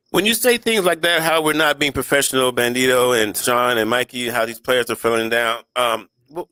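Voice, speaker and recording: A man's voice: mid-range voice, pushed and bright, smooth, dry recording. A man hosting a casual sports radio talk show, rambling and restarting as he reads out listener comments.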